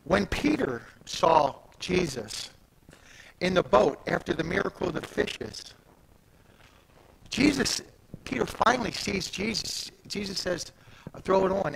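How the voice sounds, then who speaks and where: A man's voice: sits high, normal speed, creaky, a bit bright, a little hiss or hum, low-quality recording. A man preaching a sermon at a church service, talking in an emphatic, conversational way with restarts and asides. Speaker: pastor.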